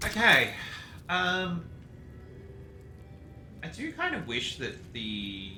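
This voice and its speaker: A man's voice: fairly high pitch, wildly swooping pitch, drawn-out words, sharp tone, reverberant, faint music behind. A man giving casual, meandering commentary as he plays a video game, chatting to his cat along the way. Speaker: gaming streamer. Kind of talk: casual let's-play commentary.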